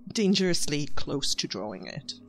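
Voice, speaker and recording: A man's voice: a little high, sing-song, normal speed, creaky. A man playing a tabletop game who describes his character's actions and rolls in a wry, joking way. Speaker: player.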